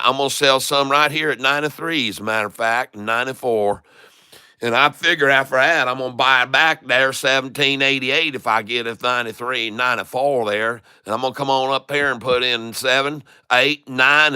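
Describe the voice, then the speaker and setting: A man's voice: medium pitch, sharp tone, smooth. A man putting on a gleeful, rowdy country redneck character, drawling and hollering folksy exclamations while he trades.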